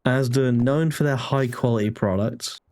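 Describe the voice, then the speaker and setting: A man's voice: medium pitch, moderate pace, a little mellow. A young British man streaming a game, joking and rambling between lines. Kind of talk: casual game commentary.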